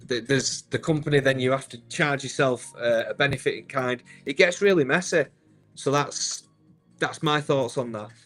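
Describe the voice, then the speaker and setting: A man's voice: mid-range voice, a bit bright. Chatty man, upbeat host. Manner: chatty and upbeat, calls viewers "mate". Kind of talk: live-stream chat.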